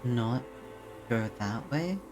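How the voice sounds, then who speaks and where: Slow talking streamer muttering at a game, bit of music behind. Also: medium pitch, lively intonation. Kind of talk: casual gameplay commentary.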